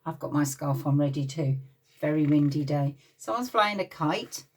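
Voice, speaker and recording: Lively English woman reading a picture book. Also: low voice, recorded from a distance. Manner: lively, expressive, pauses to talk to the children. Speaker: playgroup leader reading to children. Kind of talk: read-aloud storytime for young children.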